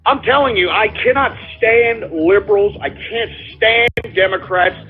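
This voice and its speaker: A man's voice: high voice, measured pace, faint music behind. A man hosting a call-in radio show, ranting heatedly with lots of profanity and repetition. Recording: lo-fi phone-like sound.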